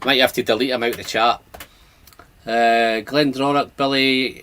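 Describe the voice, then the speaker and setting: A man's voice: mid-range voice, steady tone, normal speed, sharp tone, smooth. A man hosting a casual whisky livestream, chatting and reading out viewer comments. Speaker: whisky channel host.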